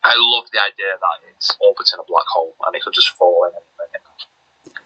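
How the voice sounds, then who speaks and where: A man's voice: sits low, a little fast, sharp tone, breathy edge, highs cut off. A young man co-hosting a casual podcast, talking enthusiastically and rambling with lots of fillers. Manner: enthusiastic, rambling, lots of fillers like "do you know what I mean". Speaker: podcast co-host.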